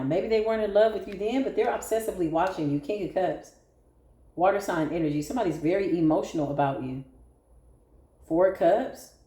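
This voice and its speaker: A woman giving a casual tarot reading to viewers, animated, blunt and sassy, swearing freely. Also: medium pitch. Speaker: tarot reader. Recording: echoey room.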